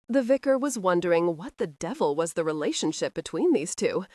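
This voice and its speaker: Audiobook narrator, woman, measured, low-ish pitch, dry close sound. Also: big pitch swings, a little mellow, dry recording. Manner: measured storytelling. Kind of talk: scripted narration.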